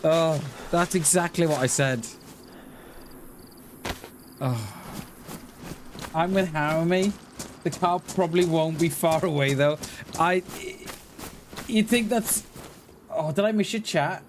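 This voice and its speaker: A man's voice: fairly high pitch, takes it slowly, long pauses, noisy background. A man chatting casually to viewers while streaming a game, laughing often and thanking people for donations. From Wales. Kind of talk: casual live-stream chat.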